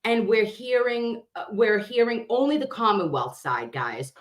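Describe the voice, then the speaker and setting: A woman hosting a casual livestream chat, telling stories in a rambling, profane, animated way. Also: on the high side, measured pace. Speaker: livestream host.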